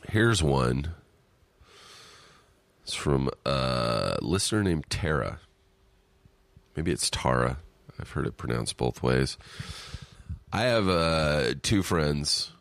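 Very deep-voiced man with sniffles. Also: lively intonation, slow, long pauses, no echo. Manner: rambling, self-deprecating, profane asides. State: sniffly with allergies. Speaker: podcast co-host. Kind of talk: casual chat, reading listener emails. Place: at home in his apartment.

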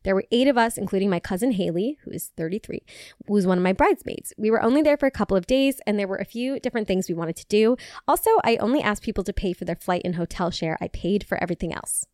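A woman's voice: mid-range voice, fast talker, a little mellow, dry recording, clean studio sound. A woman hosting a podcast, reading forum posts aloud and reacting with laughter, swearing and lots of "like.". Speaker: podcast host.

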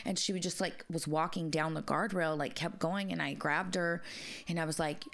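Low-voiced woman with a gravelly edge, podcast co-host, loose and profane storyteller. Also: fairly even intonation, normal speed, fairly bright tone. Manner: storytelling, frequent swearing and fillers. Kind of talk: casual chat.

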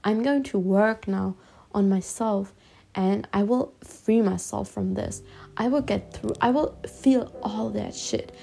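A woman from Spain giving a heartfelt personal talk as a self-healing vlogger. She speaks haltingly, restarts often, and reassures her listener earnestly. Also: medium pitch, creaky, dark tone, breathy edge.

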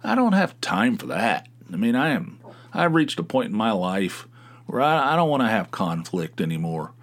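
A man's voice: lowish voice, sing-song, normal speed, fairly bright tone. Rambling profane middle-aged man. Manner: rambling, profane, restarts a lot. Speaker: podcast host. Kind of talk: casual monologue.

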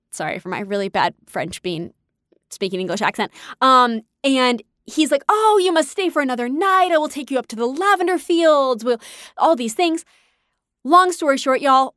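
A woman's voice: on the high side, a bit bright, no room sound, clean studio sound. A woman hosting a podcast, telling travel stories in a chatty, enthusiastic way and laughing often. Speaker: host. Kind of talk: casual storytelling podcast.

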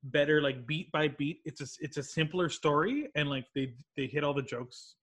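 A young man, a comedian guest on a podcast, telling stories casually, animated and swearing freely. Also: a little high, normal speed, slightly rough. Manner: animated, swearing, laughing storyteller. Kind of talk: casual film chat.

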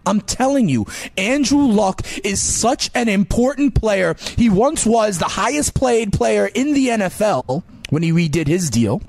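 A male fantasy football analyst with a high voice talks fast and emphatically, with a sing-song lilt. His talk radio delivery is animated and punchy. The sound is dry and close, with no room in it. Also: vocal fry, no echo. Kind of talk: sports radio commentary.

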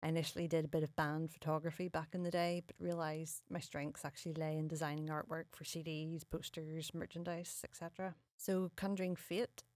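A woman, introducing herself and her design work in a measured, prepared way as a podcast guest. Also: low-pitched, level tone, darkish tone, dry recording. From Northern Ireland.

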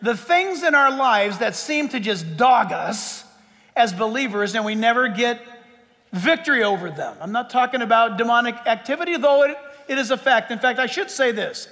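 Middle-aged male pastor, high bright voice, chatty joking sermon, long church reverb. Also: animated, moderate pace. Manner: conversational, joking with the congregation. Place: church sanctuary.

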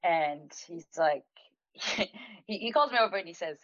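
A woman who owns a restaurant, telling an anecdote in a chatty, animated way, laughing now and then and using lots of fillers. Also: lowish voice, measured pace, dry recording. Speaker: restaurant owner. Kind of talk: anecdotal storytelling in conversation. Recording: dull lo-fi, dry sound.

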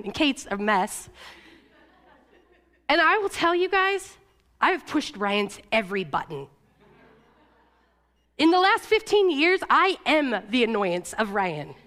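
Woman preaching, kinda high voice, raw personal story, swings up and down a lot. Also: sharp tone. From Oregon, USA. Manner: emotional, confessional storytelling with quick shifts in pitch. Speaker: church staff speaker. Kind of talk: sermon.

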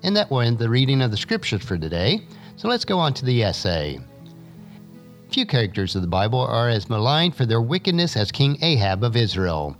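A man's voice: a little fast, soft background music. A man reading a Bible passage aloud in a lesson, raising his voice for the quoted speakers, then moving on to an essay. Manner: expressive reading, lifting pitch for quoted speakers. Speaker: scripture reader and teacher.

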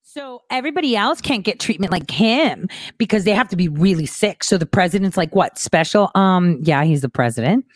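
A woman's voice: medium pitch, expressive, moderate pace, no echo, studio quality. A woman hosting a commentary show, reacting to news clips with sarcasm and mocking impressions.

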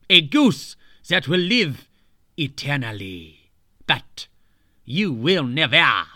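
A man's voice: a little high, sharp tone, no echo, studio quality, full character voice. A man voicing a grumpy old French storyteller who gloats and cackles like a storybook villain.

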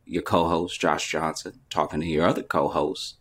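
A man's voice: extremely low pitch, fairly even intonation, normal speed, fairly bright tone, husky. A man co-hosting a podcast, joking and chatting in a laid-back way. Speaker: podcast co-host. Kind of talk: casual podcast chat.

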